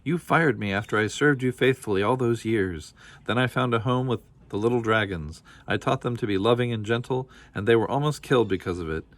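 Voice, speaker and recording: A man's voice: medium pitch, fairly quick, lightly acted. A man reading a storybook aloud, voicing a brave, fussy old woman nanny who mutters and scolds. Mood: indignant.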